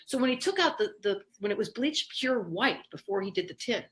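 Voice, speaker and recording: Animated woman teaching astrology. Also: medium pitch, fairly quick. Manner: animated storytelling, candid and expressive. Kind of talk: casual spoken lesson.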